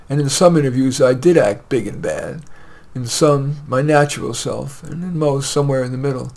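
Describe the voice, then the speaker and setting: A man reading his own short story aloud in a plain, measured way with light hesitations. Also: mid-range voice, creaky, a little mellow.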